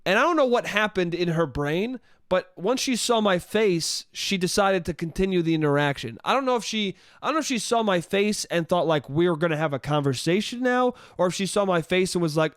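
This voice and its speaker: A young man hosting a solo podcast, telling a story in an animated, profane way and acting out the people in it. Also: sits high, fairly quick, hardly any pauses, no echo, clean studio sound. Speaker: podcast host.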